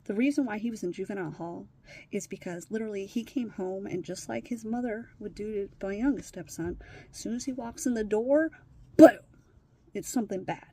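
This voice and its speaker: A deeply upset woman speaking bluntly as she tells a personal story to her camera, swearing freely and often sinking to a whisper. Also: a little fast, warm tone, a little hiss or hum. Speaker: vlogger sharing her life with trauma.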